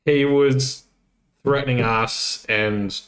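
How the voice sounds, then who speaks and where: A man's voice: medium pitch, steady tone, slow pace, fairly bright tone. A man co-hosting a podcast, telling a nightlife story casually with swearing and quoted dialogue. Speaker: podcast co-host. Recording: roomy echo.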